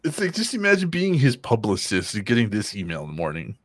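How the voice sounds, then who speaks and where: A man's voice: on the low side, wildly swooping pitch, fast, a bit bright, no echo. Dry-sounding man laughing through chat. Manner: laughing, profane, rambling. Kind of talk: casual banter.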